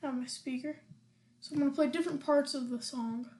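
A woman's voice: high-pitched, steady tone, fairly quick. A woman hosting a podcast, chatting casually about a song in a hesitant, giggly way that often trails off. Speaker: podcast host. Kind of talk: casual music reaction chat.

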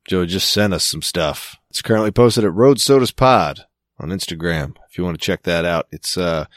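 Laid-back low-voiced man on a podcast. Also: normal speed, no room sound. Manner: laid-back, swears casually, dry jokes. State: clearing throat with hiccups. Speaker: podcast co-host. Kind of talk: casual chat.

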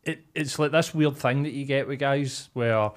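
A man's voice: mid-range voice, moderate pace. A man, co-hosting a casual podcast and joking around. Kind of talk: casual chat.

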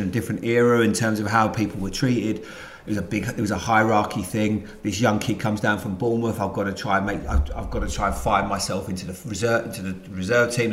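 A middle-aged man with a London accent tells stories in a low voice, full of restarts and asides. His speech is animated and casual. The sound is roomy, with echo from the room. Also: slight background noise. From England. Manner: rambling, animated anecdotes with many restarts. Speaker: guest, former footballer. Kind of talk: casual storytelling interview.

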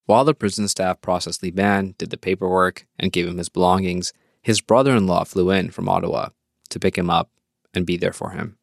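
A man hosting a podcast, giving calm, measured scripted narration. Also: low-pitched, gravelly, no echo, studio quality. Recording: music bed behind the voice. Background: guitar music.

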